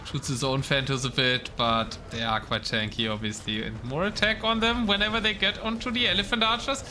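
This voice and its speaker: A man's voice: medium pitch, steady tone, brisk, pushed and bright, slight background noise. A young man casting a strategy game live, with casual play-by-play that drifts into chatting with viewers. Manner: casual, chats with the live chat between calls. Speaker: esports caster.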